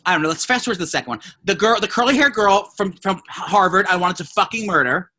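A man's voice: high voice, fast talker, bright, forceful tone, low-quality recording. A man co-hosting a podcast in casual chat, gushing, profane and rambling. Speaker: podcast co-host.

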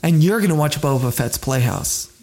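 A podcast co-host talking casually in a rambling, animated way. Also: medium pitch, moderate pace.

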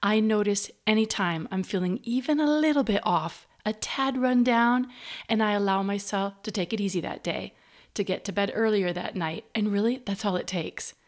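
A woman's voice: medium pitch, normal speed. A woman hosting her own podcast, talking alone in a reflective, upbeat and personal way while she is congested with a cold. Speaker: podcast host. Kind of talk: solo podcast monologue.

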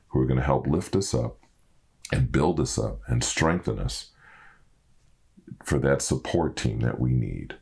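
A man's voice: rumbling low, vocal fry, breathy edge. A middle-aged man, a podcast host and minister, praying earnestly and then signing off his show with heartfelt repetition. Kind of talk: spoken prayer and podcast sign-off. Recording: loud guitar music behind. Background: loud guitar music.

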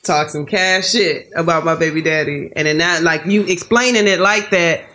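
A woman's voice: fairly low pitch, normal speed, pushed and bright. Candid woman in casual podcast chat. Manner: candid, confessional, quotes people in her stories. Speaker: podcast co-host.

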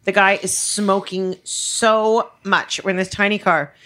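A woman's voice: mid-range voice, steady tone, unhurried, bright, forceful tone. A woman chatting casually on a podcast, telling stories, laughing often and acting out the voices of people in them. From Canada. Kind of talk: casual storytelling.

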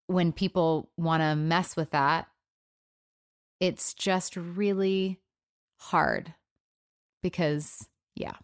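A woman in her thirties talks alone on her podcast, her voice a bit low and emotional. She halts often, restarting her sentences and filling gaps with ums. The sound is dry and close, with no room around it. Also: clean tone, no echo. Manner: halting, with many fillers and restarts. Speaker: podcast host. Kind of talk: personal solo podcast talk.

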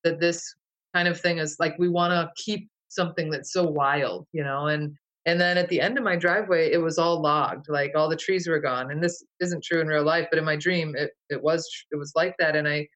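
A woman's voice: low voice, fairly even intonation, fairly quick, fairly bright tone, rough recording. A woman recounting a vivid dream to an interviewer in a casual, rambling way, full of fillers and restarts. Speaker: guest. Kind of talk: casual storytelling.

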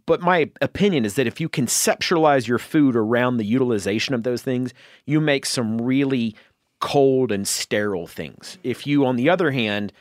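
A man from the Southern United States, a chef appearing as a podcast guest, chats casually and rambles through long, filler-heavy explanations. His mid-range voice moves at a moderate pace, captured in a dry, studio-quality recording.

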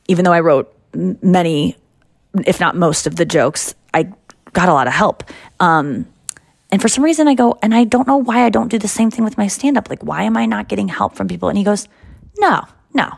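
Low, gravelly woman telling a story. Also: no echo, studio quality. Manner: animated storytelling, quoting others in raised voices. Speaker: podcast host. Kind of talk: casual chat.

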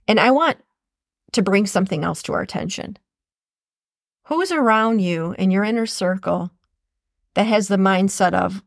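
A woman's voice: medium pitch, measured pace, creaky, long pauses, dry recording, studio quality. A woman hosting a motivational podcast, speaking earnestly and repeating phrases for emphasis. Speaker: podcast host. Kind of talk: motivational monologue.

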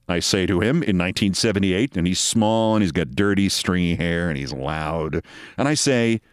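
A man's voice: sits low, moderate pace, dry recording, studio quality. A man in his sixties hosting his own show, telling a personal story in a wry, theatrical way. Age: 60s. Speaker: host.

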